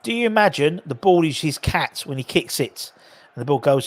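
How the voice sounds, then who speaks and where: A slightly high, animated male voice at normal speed hosts a live football watchalong, with a little hiss or hum in the audio. His commentary is casual and chatty, full of jokes and back-and-forth with viewers.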